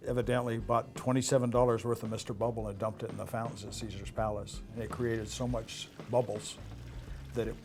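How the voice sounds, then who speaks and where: A man's voice: lowish voice, level tone, brisk, darkish tone, soft background music. An older man, a former casino dealer from Las Vegas, telling rambling anecdotes in an interview, with frequent filler uhs. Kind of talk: storytelling interview.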